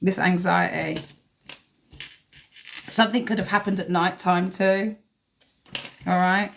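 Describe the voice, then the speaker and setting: A woman's voice: lowish voice, steady tone, slow, creaky, slight background noise. A woman giving a blunt, emphatic live tarot reading, swearing freely as she talks to viewers. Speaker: tarot reader.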